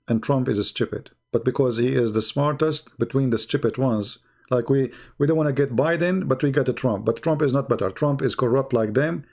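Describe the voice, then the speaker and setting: A man's voice: medium pitch, vocal fry, a little mellow. A man hosting a live call-in debate show, talking in a blunt, mocking way with loose grammar.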